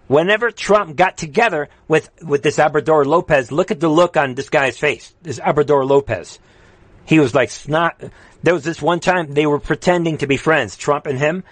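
A man's voice: a little high, no room sound. Fired-up man ranting on a livestream. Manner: fiery, repetitive exhortations, swings from shouting to quiet. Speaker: livestream commentary host. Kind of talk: political livestream rant reading chat comments.

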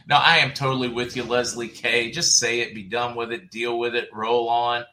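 A middle-aged man with a Southern US accent hosts a relaxed livestream and reads out viewer comments. His voice is bright and forward, at an ordinary pitch. He laughs easily and hops from one topic to the next. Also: normal speed, hardly any pauses, a little hiss or hum. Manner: chatty, laughs often, jumps between comments. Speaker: host reading viewer comments. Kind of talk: casual livestream chat.

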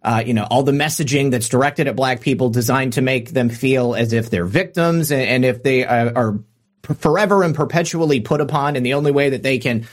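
A man co-hosting a talk show, chatting casually about politics, with frequent fillers and restarts. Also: medium pitch. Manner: halting, many restarts and fillers.

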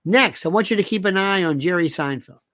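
A man's voice: sits high, lively intonation, brisk, a bit bright, no room sound. A man delivering a rambling monologue, firing off sarcastic rhetorical questions and repeating himself for emphasis.

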